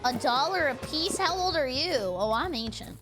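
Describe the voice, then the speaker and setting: A woman streamer giving playful, excitable commentary while she plays a game, breaking into yelps and giggles. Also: sits high, moderate pace, over music. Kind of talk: casual gameplay commentary.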